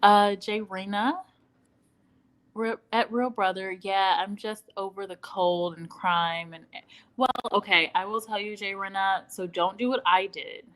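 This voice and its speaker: A woman's voice: medium pitch, a little slow, low-quality recording. Chatty woman hosting a casual livestream. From Midwestern United States. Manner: chatty, animated, laughing, acting out quoted dialogue. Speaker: livestream host answering viewer comments. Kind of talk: casual live-stream chit-chat. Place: at home in Dallas.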